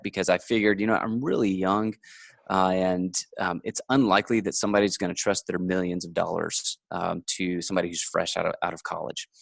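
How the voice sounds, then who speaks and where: Male podcast guest, low and dry-sounding, methodical and good-humored. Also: creaky, dry recording. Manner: explanatory, steady, laughs easily. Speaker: guest, finance author. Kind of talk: conversational interview answers.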